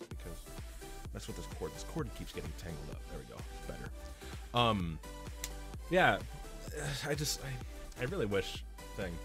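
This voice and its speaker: A man streaming a game, chatting casually and rambling through animated stories with lots of restarts. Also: mid-range voice. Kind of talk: casual chat while gaming.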